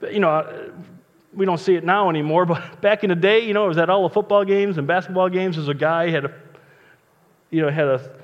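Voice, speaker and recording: Joking pastor preaching in a reverberant hall. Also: male voice, high voice, a little fast. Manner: chatty, joking asides, conversational. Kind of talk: casual sermon with Bible reading. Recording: long reverb, dull lo-fi sound.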